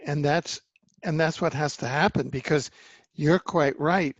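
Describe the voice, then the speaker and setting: A man hosting an interview, answering his guest with measured, agreeing remarks. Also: a little high, no echo, lo-fi sound. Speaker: interview host. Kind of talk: casual interview talk.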